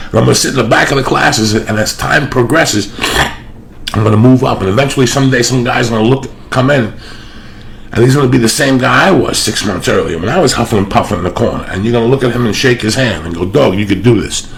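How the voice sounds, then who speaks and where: A man hosting a podcast, loud and profane, telling rambling stories in casual chat in a studio. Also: mid-range voice, fast, gravelly, a little hiss or hum. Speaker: podcast host.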